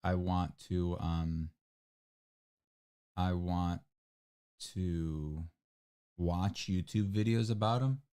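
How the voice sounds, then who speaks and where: A man's voice: extremely slow, pauses often, clear, resonant tone. A young man co-hosting a livestream, chatting casually with lots of fillers and restarts. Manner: rambling, many fillers and restarts, voice jumps high when excited. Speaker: livestream co-host. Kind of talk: casual chat. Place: home livestream room.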